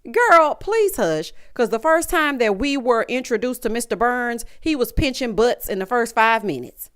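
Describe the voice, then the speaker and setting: Woman, sassy recap commentary, high-ish voice, very clear. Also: normal speed. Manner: sassy, animated, mimics cast members in quoted voices. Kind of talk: casual reality-show recap commentary.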